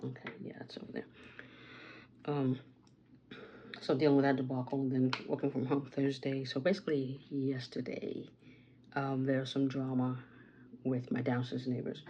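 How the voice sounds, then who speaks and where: A woman's voice: a bass voice, flat delivery, moderate pace, pauses often, warm tone, muffled recording, a little hiss or hum. A woman vlogging at home, chatting through a rambling story with asides about her makeup. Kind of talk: casual get-ready-with-me storytime.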